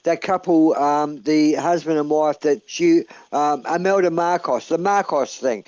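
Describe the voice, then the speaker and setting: A man with an Australian accent, co-hosting a livestream, rambling in halting casual political chat. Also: fairly high pitch, darkish tone, no echo, muffled recording. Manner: rambling, halting, spells words out. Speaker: livestream co-host.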